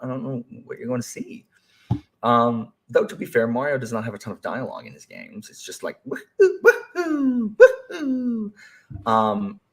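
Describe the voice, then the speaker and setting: A young man talking casually to a live stream chat, rambling and animated, with many fillers and restarts. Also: medium pitch. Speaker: teacher.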